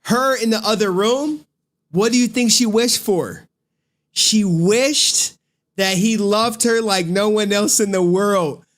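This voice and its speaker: A male streamer talking casually, swearing freely and slipping into voices to act out scenes. His delivery is lively and loose, like chatting with viewers. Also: very high-pitched. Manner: animated, profane slang, acts out scenes with voices. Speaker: streamer recapping a horror movie.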